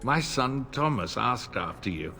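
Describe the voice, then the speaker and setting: An actor playing an older noble vassal lord in a fantasy game, formal, polite and deferential. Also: male voice, medium pitch, lively intonation, a little slow, gravelly, pushed and bright, faint music behind, exaggerated voice. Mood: courtly. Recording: game audio with reverb.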